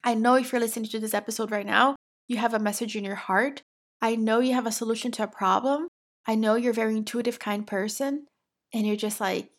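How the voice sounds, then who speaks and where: A woman's voice: fairly high pitch, fairly even intonation, fairly quick. A woman with an accent hosting a podcast, talking in an encouraging, empathetic and emphatic way in a motivational monologue. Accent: non-native English accent. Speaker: podcast host.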